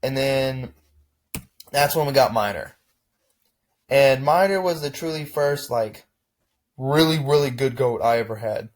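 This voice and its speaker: A young man from Texas talks straight to his viewers in a loose, conversational way. His pitch sits right in the middle of the range, and he keeps restarting sentences and tossing in a casual "man.". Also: a little slow, pauses often. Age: young adult. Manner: rambling, relaxed, frequent restarts and "man". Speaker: vlogger. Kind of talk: casual reflective chat to camera.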